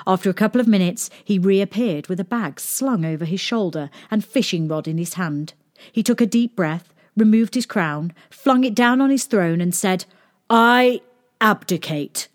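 A woman's voice: mid-range voice, normal speed. A woman reading a children's story. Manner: gentle, expressive storytelling.

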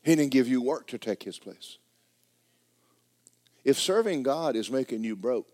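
Preacher man, loud then hushed. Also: medium pitch, lively intonation, measured pace, pauses often, dry recording. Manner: loud preaching that swings to quiet, joking asides. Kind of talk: sermon.

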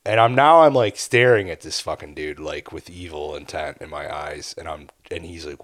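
A man's voice: a bass voice, fairly quick, hardly any pauses, no room sound. A man co-hosting a podcast, telling a rambling story in casual, profane chat and acting out the people in it. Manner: animated storyteller, acts out bar dialogue with profanity. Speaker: podcast co-host.

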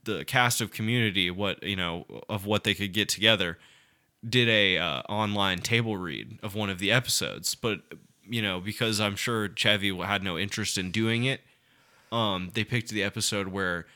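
A man's voice: fairly low pitch, normal speed, pushed and bright. A young man co-hosting a casual podcast, telling rambling, profane stories and laughing through them. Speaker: podcast co-host.

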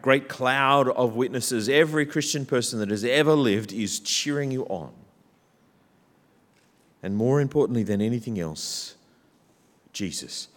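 A man preaching a sermon in a church, building from quiet, reflective passages to loud, rousing calls. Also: medium pitch. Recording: church hall with long reverb.

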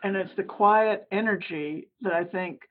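Soft-spoken husky woman mentor. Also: mid-range voice, a little slow. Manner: soft, thoughtful, hesitant. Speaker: youth mentor. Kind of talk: casual storytelling. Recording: tinny phone-like line.

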